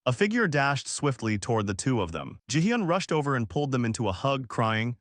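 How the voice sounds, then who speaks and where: A man's voice: medium pitch, very animated, normal speed, hardly any pauses, a bit bright, dry recording, studio quality. A man narrating a comic story recap in a scripted read, voicing every character's lines himself.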